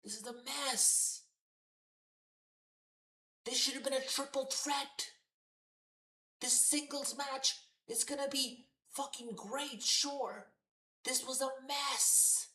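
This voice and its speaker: A woman's voice: high voice, fairly even intonation, slow, long pauses, sharp tone. A woman ranting heatedly as a wrestling show reviewer, swearing constantly and repeating herself in exasperation. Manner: profane, exasperated, repetitive ranting. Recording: roomy echoey room.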